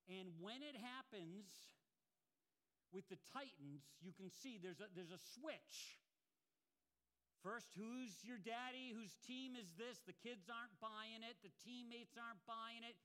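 Male pastor, higher pitch, smooth clear tone, earnest sermon storytelling. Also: pushed and bright. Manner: earnest storytelling with slow emphatic quotes.

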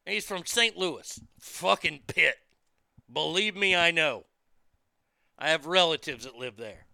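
A man rants profanely as he hosts a talk show. His voice sits high and sounds very bright and crisp. It swings between low muttering and loud outbursts, close on a dry mic. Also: unhurried, no echo. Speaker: podcast host. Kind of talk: casual ranting monologue.

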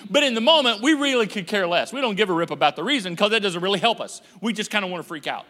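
A man preaching a sermon as pastor, animated and joking, acting out the voices of people he quotes. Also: sits high, normal speed. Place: church auditorium. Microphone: handheld microphone on stage. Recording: echoey church hall.

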